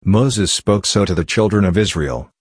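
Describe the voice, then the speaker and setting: A man reading the Bible aloud in a steady, measured way. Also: fairly low pitch, breathy edge, no echo, studio quality. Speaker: Bible reader.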